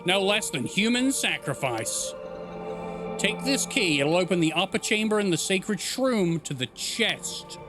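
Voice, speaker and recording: A man's voice: sits high, lively intonation, measured pace, pitched above the performer's own voice. A man voicing an old ominous witch. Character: old male witch quest-giver, ominous. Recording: game music playing behind.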